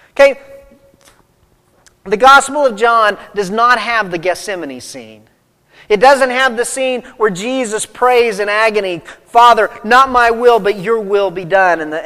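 A pastor delivers a sermon in a church sanctuary, first reading scripture aloud, then unpacking it with mounting intensity. He has a pushed, bright voice that sits high for a man, and his emphatic peaks echo into a long hall reverb.

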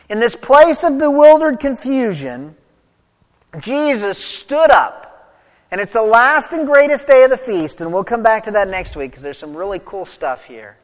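A pastor preaching a sermon, swinging between loud emphatic lines and soft, low asides. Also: big pitch swings, measured pace. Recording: long reverb of a large hall.

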